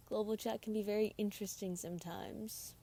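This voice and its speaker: A woman's voice: medium pitch, creaky, dark tone. A tired woman streaming a mobile game at home, chatting casually and rambling about her team. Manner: rambling, chatty, self-deprecating. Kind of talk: casual gameplay commentary.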